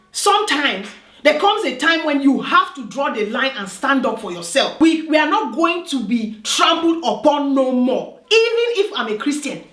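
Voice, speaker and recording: A woman from Africa recounts a story to her viewers in a lively vlog, pressing her points with repeated words and frequent "do you understand?" checks. Her voice sits high, and the room around her rings with a noticeable echo. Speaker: vlogger telling a personal story. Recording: roomy echo.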